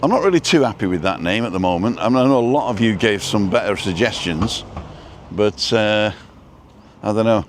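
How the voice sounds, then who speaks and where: A man with a fairly low, expressive voice talks a little fast while driving and filming a casual live-stream from his car. He reads viewer comments aloud in a dry, joking way, and there's slight background noise.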